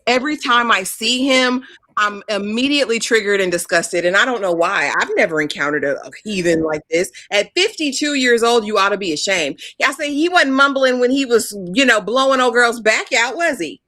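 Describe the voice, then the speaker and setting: A woman's voice: fairly high pitch, brisk, bright, forceful tone, dry recording. Blunt scornful woman, dry close sound. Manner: blunt, scornful, mocks cast with put-on voices. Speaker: reality TV review co-host. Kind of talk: casual chat.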